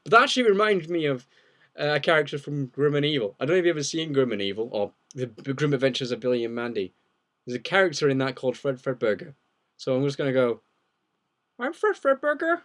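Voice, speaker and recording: A man's voice: mid-range voice, animated, fast talker, fairly bright tone. A young man chats on a livestream in a mid-range voice, wandering from one question to the next. His delivery is loose and jokey, full of asides as he reads out what viewers have typed. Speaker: livestream host. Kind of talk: casual live Q&A chat.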